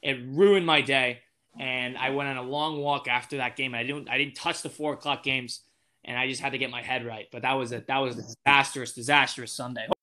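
A man's voice: mid-range voice, steady tone, brisk, bright, forceful tone, a little hiss or hum. An eighteen-year-old man chatting casually as a podcast guest, rambling with lots of fillers and restarts. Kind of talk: casual chat.

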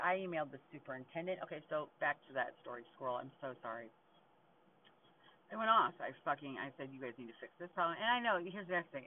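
A woman in her forties hosting a podcast, ranting angrily and swearing heavily in a venting monologue. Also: low voice. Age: 40s. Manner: angry, profane, ranting. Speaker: podcast host. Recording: tinny phone-like audio with faint noise.

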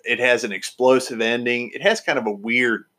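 A man's voice: mid-range voice, moderate pace, bright, forceful tone. A man hosting a podcast, chatting casually and enthusiastically with lots of fillers and restarts. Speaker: podcast host.

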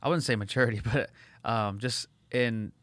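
A man's voice: medium pitch, fairly bright tone, no room sound. A man from Los Angeles hosting a casual chat, rambling and swearing as he tells funny stories from his childhood neighborhood. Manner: fast, rambling, swears a lot, acts out voices for laughs.

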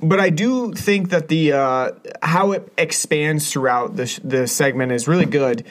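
A man co-hosts a laid-back film review, talking in a loose, rambling way. His voice sits a bit high for a man, and he often trails off into fillers and restarts before finishing a thought. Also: unhurried. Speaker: podcast co-host reviewing a film. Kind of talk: casual chat.

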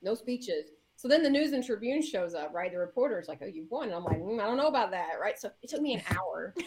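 A woman mayor in an interview, telling a story in a lively way, laughing and acting out what people said. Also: quick pace, noisy background. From Indiana, US. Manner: lively, laughing, acts out quotes with big pitch jumps. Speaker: mayor, guest.

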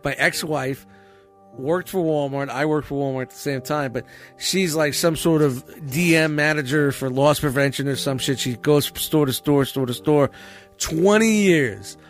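In a laid-back podcast conversation with soft music behind him, a man with a fairly high voice spins an unhurried story. He's profane and animated, cursing freely and laughing repeatedly as he goes.

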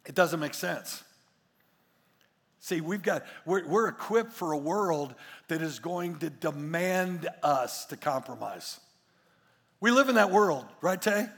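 A man preaching a sermon as pastor, emphatic and repetitive, swinging between hushed asides and loud declarations. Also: a little high, lively intonation, slow, vocal fry, in a large hall.

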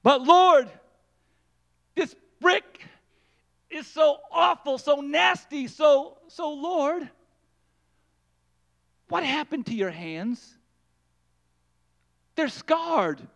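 A man's voice: very high-pitched, animated, very slow, gravelly, pauses often, fairly bright tone, voice pushed up, exaggerated voice. A man voicing a weary, anxious mother pleading with God in a sermon story, his voice rising as he plays her. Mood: distressed.

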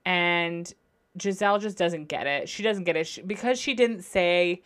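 A young woman hosting a solo podcast, chatting casually about reality TV. She gushes over favorites and swears freely as she recaps, in a slightly low voice. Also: normal speed, a bit bright. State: going through postpartum depression. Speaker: podcast host.

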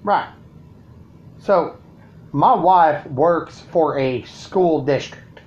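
A man's voice: fairly high pitch, drawn-out words, a little mellow, lo-fi sound. A man ranting crudely and sarcastically to his viewers from his home. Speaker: vlogger. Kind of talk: profane ranting monologue.

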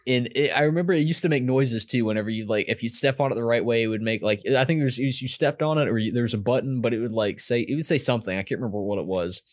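A man's voice: mid-range voice, very fast, hardly any pauses. A young man telling a story in casual chat, rambling and self-mocking with lots of fillers and restarts.

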